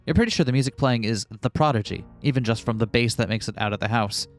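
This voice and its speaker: Brief: man narrator, casual and sweary, middle voice, soft music bed. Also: mid-range voice, fast talker. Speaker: co-host playing a game. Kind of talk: reading a text game aloud.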